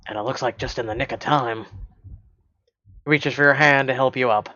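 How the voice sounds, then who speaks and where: A man reading aloud and voicing a remorseful young man who speaks quietly and pleads. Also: mid-range voice, steady tone, moderate pace, dry recording, highs cut off, close to an everyday voice.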